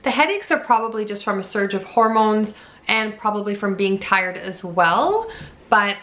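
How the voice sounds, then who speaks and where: A woman's voice: medium pitch, lively intonation, moderate pace, fairly bright tone. A woman in her thirties giving a candid, chatty pregnancy update from home, filmed on her own camera. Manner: chatty and candid, frequent "like" and "you know". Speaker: vlogger. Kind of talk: casual pregnancy update vlog. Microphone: camera mic.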